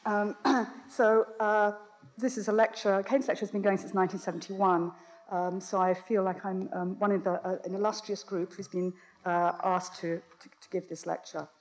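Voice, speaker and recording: Woman lecturer, voice strained and fading in and out, halting delivery full of ums, mid-range pitch. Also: little pitch movement. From Britain. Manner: hesitant, many ums and restarts. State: voice strained, coming and going. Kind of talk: academic lecture. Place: lecture hall.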